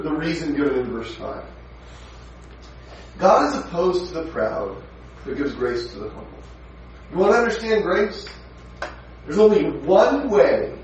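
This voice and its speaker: A man preaching a sermon verse by verse in a chatty, emphatic way, often stopping to ask questions. His voice sits a bit high for a man. He is heard from a distant mic in a large echoey room with faint background noise. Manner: conversational, emphatic, asks the audience questions. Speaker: pastor. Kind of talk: sermon, verse-by-verse Bible teaching.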